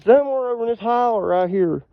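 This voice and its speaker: A man rambles through folksy tales outdoors, chuckling as he goes. His voice sits high for a man, and the phone audio is dull and lo-fi. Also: fast talker, gravelly. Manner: rambling, folksy, laughs at his own stories. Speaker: outdoorsman showing hunting land. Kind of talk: casual storytelling to camera. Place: outdoors on a ridge trail.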